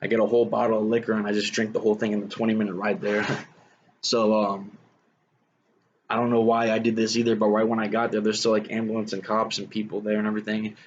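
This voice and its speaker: Casual storyteller, young man, low flat voice, rambling with fillers, slightly dull recording with faint hiss. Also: quick pace. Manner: rambling, frequent fillers like "man" and "you know". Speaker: guest telling his life story.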